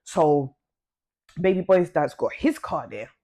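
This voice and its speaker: A woman chats through a personal story for her vlog. She talks loosely and uses plenty of slang. When she plays out bits of conversation, her voice leaps up in pitch. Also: expressive, slow, mellow. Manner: chatty and slangy, swings pitch to act out quoted talk. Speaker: vlogger. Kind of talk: casual storytelling to camera.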